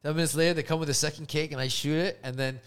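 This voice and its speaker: A young man co-hosting a casual podcast chat, telling family stories with lively energy and acting out everyone's voices. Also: on the high side, racing, clean tone. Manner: animated storyteller, acts out family members' voices. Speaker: podcast co-host.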